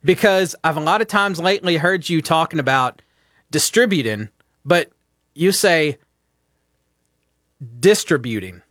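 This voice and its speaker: A playful man co-hosting a sports talk show, teasing his partner with quick jabs. His voice is a touch higher than most men's. The sound is dry and close-miked. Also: fairly bright tone, dry recording. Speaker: co-host. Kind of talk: casual sports chat.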